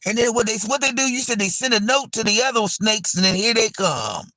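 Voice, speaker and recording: Man, live-stream host, slightly high voice, dry close sound, repetitive profane storytelling. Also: brisk, no echo. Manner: animated, repetitive and profane, addressing viewers as y'all. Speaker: livestream host.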